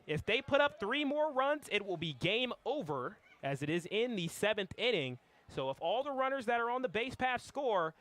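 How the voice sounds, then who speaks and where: Young student play-by-play man, high and bright, eager delivery that erupts on big hits. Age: young adult. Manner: excitable, shouts big plays. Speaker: play-by-play announcer. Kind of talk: live baseball commentary.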